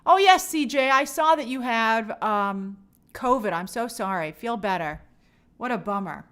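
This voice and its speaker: Upbeat high-voiced woman host. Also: lively intonation, measured pace, fairly bright tone. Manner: upbeat, chatty, reads viewer comments aloud. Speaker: host reading live chat. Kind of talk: casual livestream chat.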